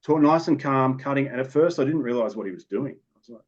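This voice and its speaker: Animated and fast-talking, a medium-pitched Australian man tells podcast interview stories from his time as a police officer. His delivery is matter-of-fact and rambling with restarts, heard through a dull lo-fi recording.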